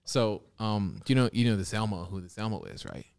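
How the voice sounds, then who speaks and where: A man co-hosting a podcast, telling stories in an animated, jokey way. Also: lowish voice, a little fast, vocal fry, smooth. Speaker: podcast co-host. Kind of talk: casual chat.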